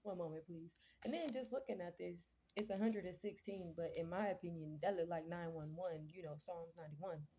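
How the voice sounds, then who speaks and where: A woman reading Bible verses aloud in a casual vlog, slowly and carefully, stumbling over words and chatting about what they mean. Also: lowish voice, dark tone, slight background noise. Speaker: vlogger reading scripture. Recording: dull lo-fi sound.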